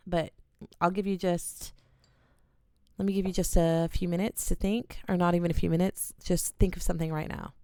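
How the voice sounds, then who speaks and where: A woman with a low, slightly gravelly voice that still comes across smooth and clear. She talks casually and earnestly, coaching listeners step by step through a calming ritual. The sound is dry and close, from a small home studio in a bedroom corner. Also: no room sound. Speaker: oracle card reader. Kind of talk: casual guided ritual talk.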